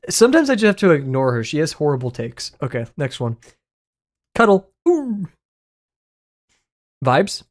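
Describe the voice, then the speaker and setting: A streamer chatting casually and excitedly with viewers, laughing often and swearing freely while reacting to chat. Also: medium pitch, normal speed, pauses often.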